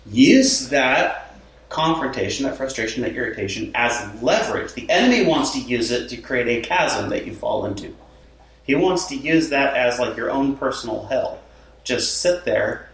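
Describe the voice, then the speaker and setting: A lead pastor chats casually in a medium-pitched voice at a moderate pace, acting out the things people tell themselves. He's lively, dramatizes quoted inner talk, and laughs often. A distant mic gives the recording a roomy sound.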